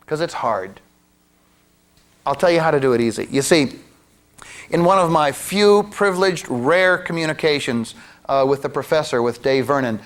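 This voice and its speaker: A man who works as a mentalist, teaching a card routine in a chatty way, with joking asides and frequent restarts. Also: on the high side. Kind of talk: demonstration lecture.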